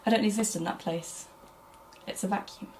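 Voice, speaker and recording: An actress playing a defiant young runaway who speaks in a guarded, blunt way. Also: female voice, medium pitch, steady tone, moderate pace, gravelly, a little mellow, a little hiss or hum, lightly acted. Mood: defensive. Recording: roomy echo.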